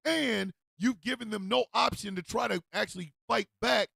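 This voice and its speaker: A male host rants comedically on his radio show, loud and animated. His voice sits high and gravelly. The sound is close and dry. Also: normal speed, dry recording. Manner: animated, loud, laughs often, acts out street calls. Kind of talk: comedic commentary rant.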